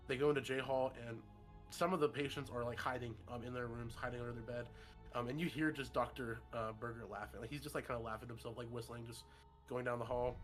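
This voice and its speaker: A man running a horror tabletop session as game master over a voice call. He narrates loosely in a mid-range voice, with plenty of "um" and "like", and soft music plays behind him. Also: medium pitch. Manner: casual, loose, many fillers.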